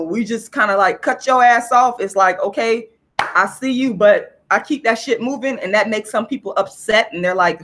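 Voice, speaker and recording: A woman's voice: fairly high pitch, fairly bright tone. A woman, ranting on a casual livestream vlog, blunt and profane as she tells a story. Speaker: vlogger.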